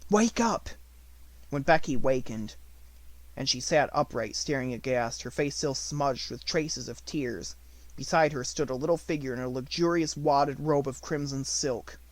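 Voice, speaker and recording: A man reading an unabridged novel aloud as an audiobook narrator, with expressive storytelling. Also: mid-range voice, normal speed, no room sound.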